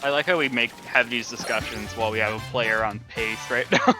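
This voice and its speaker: A man's voice: medium pitch, brisk. A man doing casual live commentary on a speedrun, with wry, sarcastic banter. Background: game music.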